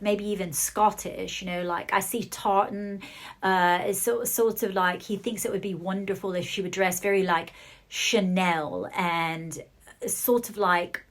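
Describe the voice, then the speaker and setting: Hesitant woman giving a psychic reading. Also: mid-range voice. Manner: hesitant, relaying what she hears in bursts. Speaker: psychic reader.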